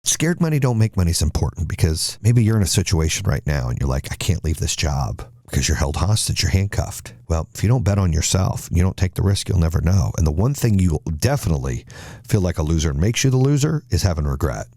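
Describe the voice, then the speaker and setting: A man's voice: low voice, very animated, quick pace, a little mellow, no echo, studio quality. A man hosting a podcast and delivering an emphatic motivational monologue with punchy repeated phrases. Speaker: podcast host and motivational speaker.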